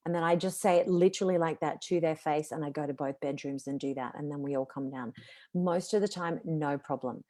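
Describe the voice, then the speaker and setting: A woman in her forties talks about vocal tone with confident emphasis. Her voice sits low for a woman. She speaks in a casual live video chat. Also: fairly quick, warm tone. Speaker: guest, voice and communication coach.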